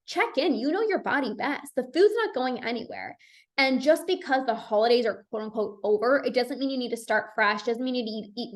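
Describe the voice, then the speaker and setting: A young woman hosts her own podcast as a binge eating coach. She talks in a loose, chatty way and fills her sentences with "like". Her voice sits a bit high, and her tone is reassuring. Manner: chatty, says "like" a lot, reassuring. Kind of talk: solo podcast talk.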